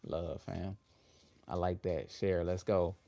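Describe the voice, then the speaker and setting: A man with hosting a motivational livestream, leading affirmations with his audience in an upbeat, drawn-out way. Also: deep voice, fairly even intonation, creaky, mellow. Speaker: livestream host.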